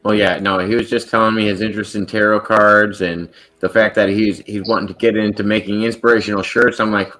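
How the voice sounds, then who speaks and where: A low-pitched man hosts a casual livestream chat over a video call. He jokes, laughs easily and trips over his own words as he talks. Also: level tone, a little fast, a bit bright. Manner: joking, laughs often, restarts phrases. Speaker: podcast host.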